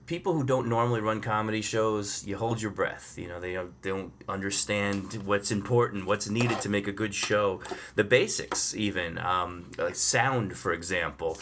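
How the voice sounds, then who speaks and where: Male comedian, lowish voice, relaxed storyteller with many ums. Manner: chatty, unhurried, with frequent fillers and laughs. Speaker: stand-up comedian. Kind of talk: storytelling monologue.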